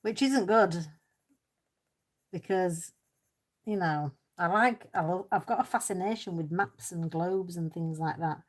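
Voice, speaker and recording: Woman hosting a cosy live stream, slightly low voice, relaxed and chatty. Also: a little slow. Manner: chatty, reads out and answers viewers' comments; self-deprecating, laughs easily. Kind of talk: casual chat while colouring.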